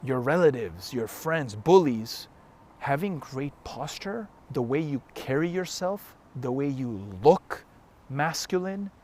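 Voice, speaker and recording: A man's voice: mid-range voice, a little mellow, a little hiss or hum. A man giving an emphatic, blunt motivational talk straight to the camera as a fitness coach, with frequent swearing. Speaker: fitness and self-help coach.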